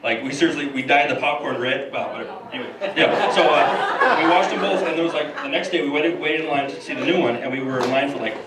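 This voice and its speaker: Deadpan male stand-up in an echoey club. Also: on the high side. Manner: deadpan, halting delivery with fillers. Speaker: stand-up comedian. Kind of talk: stand-up comedy set. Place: comedy club stage. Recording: echoey room from far off, loud crowd noise.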